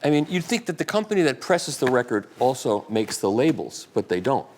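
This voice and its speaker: A man's voice: mid-range voice, sing-song, a little fast, darkish tone, a little hiss or hum. A man at a live event, answering audience questions in a rambling, chatty way. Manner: rambling, chatty, with restarts and asides. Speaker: guest speaker at a live audiophile talk.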